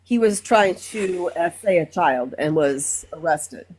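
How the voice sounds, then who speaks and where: A woman from Minnesota calling in to a live stream, speaking earnestly and emotionally with halting fillers. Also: lowish voice, lively intonation, a little mellow, slight background noise. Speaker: caller. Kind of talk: casual call-in talk.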